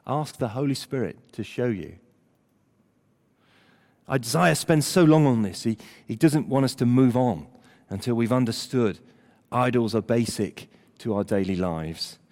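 An older man preaching a sermon, emphatic, at times dropping almost to a hush. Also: mid-range voice, unhurried. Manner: animated, emphatic preaching with dramatic drops to near-whisper. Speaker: pastor. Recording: long hall reverb.

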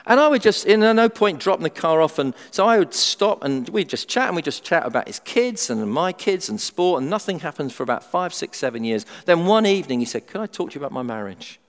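A middle-aged man preaching a sermon in a humorous, animated way, acting out everyday voices. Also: sits high, a little fast, hardly any pauses. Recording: long hall reverb.

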